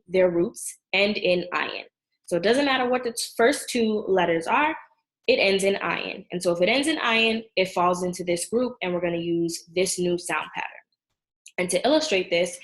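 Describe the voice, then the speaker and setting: A woman teaching a Hebrew verb lesson, going clearly and patiently through sound patterns and conjugations. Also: medium pitch, low-quality recording. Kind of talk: language lesson.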